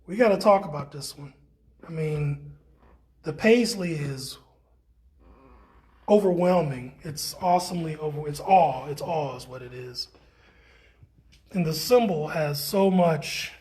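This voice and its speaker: An upbeat tour guide talks visitors through an indoor art gallery in a loose, chatty way, at a middling pitch. The delivery is full of playful exclamations. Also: a little mellow. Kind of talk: casual guided walking tour.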